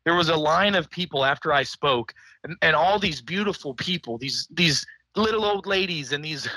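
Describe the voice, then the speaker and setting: Man, impassioned guest, somewhat high and forceful, dry close sound. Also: animated, normal speed, husky, no echo, low-quality recording. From Missouri, USA. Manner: fervent, emotional, repeats words. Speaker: guest, doctor. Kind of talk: impassioned interview appeal.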